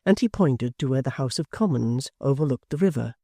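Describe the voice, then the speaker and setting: An audiobook narrator reads a classic novel steadily and expressively, with lively pitch. The tone is mellow and dark, recorded close and dry. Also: a little fast, slightly rough, no room sound.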